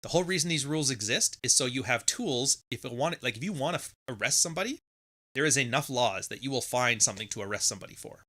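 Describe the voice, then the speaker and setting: A man's voice: medium pitch, animated, fast talker, bright, forceful tone. A middle-aged man from Canada hosting a podcast, ranting casually and bluntly, swearing freely and sarcastically acting out other people's lines. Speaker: podcast host.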